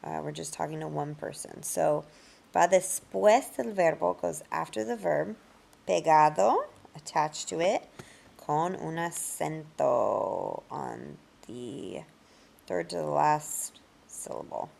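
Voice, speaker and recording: A woman with a low, deeply gravelly voice teaches a grammar lesson. She speaks unhurriedly and patiently, working step by step through each rule. She pronounces the example words slowly and carefully. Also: darkish tone, a little hiss or hum. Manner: patient, explains step by step with examples in both languages. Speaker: Spanish teacher.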